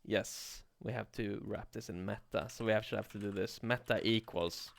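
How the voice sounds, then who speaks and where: A man teaching coding on a livestream in a relaxed way, thinking aloud and swearing casually. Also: on the low side, moderate pace, creaky. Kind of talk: casual live coding tutorial.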